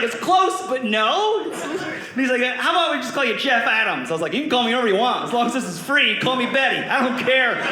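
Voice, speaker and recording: A young man telling a stand-up story on a comedy club stage, animated and acting out voices and sound effects. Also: very high voice. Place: comedy club stage before a live audience. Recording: roomy club with loud audience laughter.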